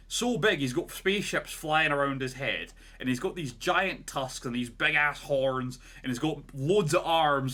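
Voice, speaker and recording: A man's voice: on the high side, bright, forceful tone. A man co-hosting a podcast, retelling a story in a casual, rambling way with lots of "like" and "right?". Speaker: podcast co-host.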